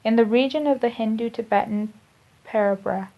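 A woman giving a spiritual lecture, reading esoteric teachings aloud in a measured, deliberate way, often restarting and repeating phrases. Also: on the high side. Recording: dull lo-fi recording.

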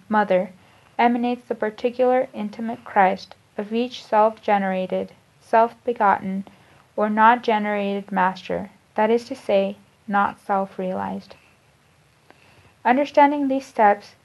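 Measured woman reading esoteric teachings. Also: on the high side, darkish tone. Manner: measured, deliberate, restarts and repeats phrases. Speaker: spiritual lecturer. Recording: dull lo-fi recording.

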